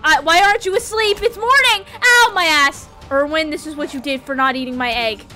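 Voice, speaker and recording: A young woman commentating her own gameplay at a desk mic, with a high, bright and forceful voice. She gets excitable, begs the characters on screen, and curses freely. Soft music plays faintly underneath. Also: fairly quick. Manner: excitable, pleading and cursing at the game. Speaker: gaming YouTuber.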